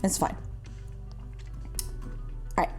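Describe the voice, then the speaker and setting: A young woman streamer chatting casually with her viewers, with a self-deprecating, animated manner. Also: drawn-out words, faint music behind. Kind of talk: casual livestream chat.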